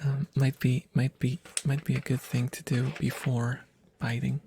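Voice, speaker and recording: A man rambling softly to his stream audience in ASMR style, self-deprecating and often slipping into whispers, recorded close to the microphone at home. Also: mid-range voice, little pitch movement, a little slow, vocal fry, slight background noise. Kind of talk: soft rambling ASMR chat.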